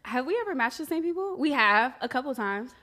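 A woman's voice: high-pitched, lively intonation, brisk, pushed and bright. A young woman co-hosting a podcast, brash, profane and joking in casual chat. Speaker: podcast co-host.

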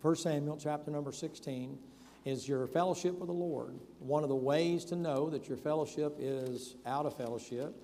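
A preacher with a mellow, dark voice, telling Bible stories in a folksy, conversational way. His sermon rings with the long reverb of a big hall, with faint room ambience underneath. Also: a little high, normal speed, slight background noise. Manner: folksy storytelling preacher, acts out Bible scenes in casual voices. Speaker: pastor.

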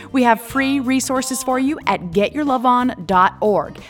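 A woman hosting a devotional podcast, teaching from scripture in an earnest, emphatic way and reading verses slowly. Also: a little high. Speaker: podcast host and Bible teacher.

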